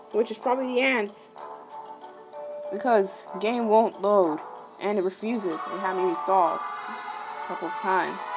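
A woman giving casual let's-play commentary, excitable, gasping and exclaiming at the game. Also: on the high side. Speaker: gaming channel host.

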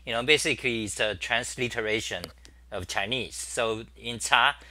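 A man's voice: medium pitch, normal speed, bright, forceful tone. A middle-aged man hosting a casual live-stream chat, rambling and thinking aloud with many fillers while he types at his desk. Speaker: talk show host.

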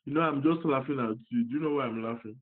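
A man from Africa on a phone call, slowly spelling out an email letter by letter. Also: medium pitch. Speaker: phone caller. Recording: tinny phone line.

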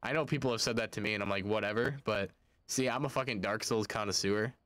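A man streaming a video game, talking casually in an excitable, profane way. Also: fairly low pitch, dry recording. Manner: excitable and profane, quick to swear. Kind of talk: casual gaming commentary.

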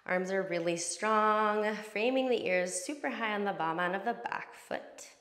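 A woman yoga instructor calmly cueing breath and poses through a guided class. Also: mid-range voice, unhurried, roomy sound.

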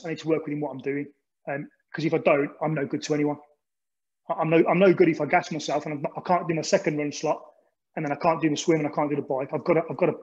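Man, from England, informal presentation, slightly high voice, halting restarts, dull lo-fi audio. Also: a little mellow. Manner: rambling, many restarts and ums. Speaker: speaker recounting an endurance relay. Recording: dull lo-fi recording.

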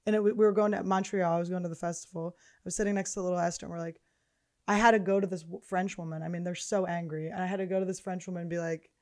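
A woman's voice: lowish voice, steady tone, rapid-fire, darkish tone. A woman hosting a comedy podcast, telling profane stories with laughter in a loose, chatty way. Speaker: podcast host. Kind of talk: casual comedic chat.

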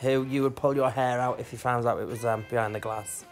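A man's voice: mid-range voice, steady tone, a little fast, soft background music. A male drag queen gossiping cheekily and swearing while reacting to a dating show. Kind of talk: bawdy casual chat.

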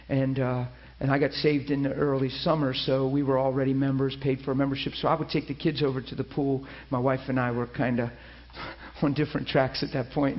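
A middle-aged man preaching, telling his own story with lively quoted voices and frequent restarts. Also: mid-range voice, highs cut off. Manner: storytelling, animated quoting with many restarts. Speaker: pastor. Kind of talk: sermon testimony. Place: church.

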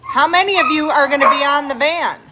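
A woman's voice: sits high, brisk, heavy background noise. A woman leads a dog rescue and chats casually on a livestream, cooing doting baby talk at puppies between greetings to viewers. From South Texas. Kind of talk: casual live-stream chat.

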